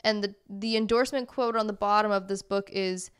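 A woman from Massachusetts talks in a relaxed, wry way as a podcast co-host. Her voice is smooth and clear, sitting at an ordinary middle pitch. She chats easily and reads little bits aloud with a dry edge. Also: fairly quick. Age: adult, married. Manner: chatty, wry, reads book blurbs aloud. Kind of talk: casual chat.

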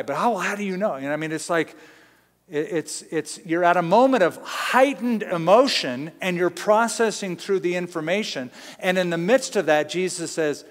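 A middle-aged pastor from Southern California preaching a sermon in a conversational, storytelling way, acting out quotes. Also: male voice, high voice, expressive, moderate pace, big-room sound.

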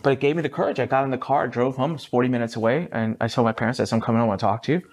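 A man in his thirties, an entrepreneur guest in a podcast interview, telling his story with animated energy and a casual, sometimes swearing manner. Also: rapid-fire. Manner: lively, swings up high for quoted voices, mild swearing.

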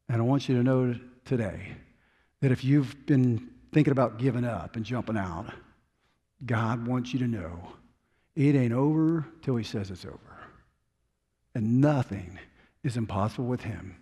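Pastor preaching in a reverberant hall. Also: male voice, mid-range voice, normal speed, husky. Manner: swings from loud urging to hushed, quiet intensity. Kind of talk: sermon. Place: church sanctuary.

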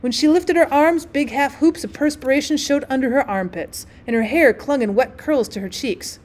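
A woman teacher narrating a classic short story as an audiobook, in a measured, expressive way. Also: high-pitched. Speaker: teacher reading aloud.

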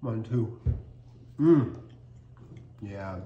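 Animated and drawing out his words, a man with a fairly low voice and lo-fi sound hosts a laid-back cookie-tasting vlog. He's cheerful and talkative as he chews, reviewing cookies in an echoey space with faint background noise.

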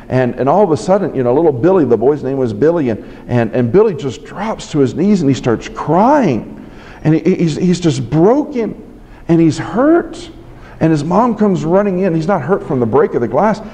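Earnest preacher in a reverberant hall. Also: male voice, fairly high pitch, warm tone. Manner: earnest storytelling with repeated restarts. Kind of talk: sermon. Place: library conference room.

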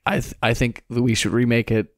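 A man's voice: mid-range voice, little pitch movement, a little fast, no echo, studio quality. A man co-hosting a podcast, chatting casually and rambling with lots of fillers and swearing. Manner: rambling, profane, many fillers and restarts. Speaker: podcast co-host. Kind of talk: casual chat.

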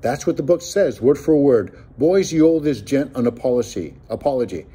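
A white-haired frontier printer, played by a man reading aloud, who states things plainly. His voice is mellow and husky and moves widely in pitch. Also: expressive, normal speed. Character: white-haired older male town printer, blunt. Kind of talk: audiobook character voice.

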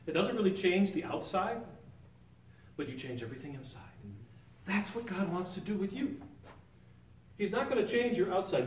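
A man's voice: sits high, slight background noise. Man teaching a Bible class, echoey and distant. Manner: conversational, quizzes the class with questions. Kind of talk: informal Bible lesson. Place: church sanctuary. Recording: roomy echo, picked up from a distance.

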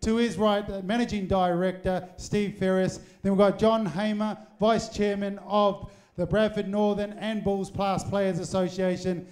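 A man's voice: high-pitched, level tone, a little slow, few pauses, darkish tone. A man hosting a live supporters' evening in a packed hotel function room, speaking into a handheld microphone with jokey, rousing asides to the audience. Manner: jokey, rousing crowd address with teasing asides. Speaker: event host. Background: faint crowd of supporters.

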